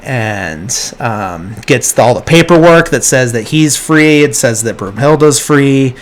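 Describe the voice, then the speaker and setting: A man hosts a podcast and walks through a film's plot at an unhurried, slow pace. His retelling is loose and rambling, with quick bits where he mimics the characters. His voice sits at an ordinary middle pitch for a man. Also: animated. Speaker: podcast host. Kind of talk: casual movie plot recap.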